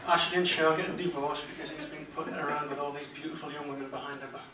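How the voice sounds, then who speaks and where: A man's voice: fairly high pitch, little pitch movement, racing, heavy background noise. A man with a Geordie accent doing a blunt, crude stand-up comedy set in a comedy club, with the audience laughing. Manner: blunt, crude punchline delivery. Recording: roomy club recording from far off.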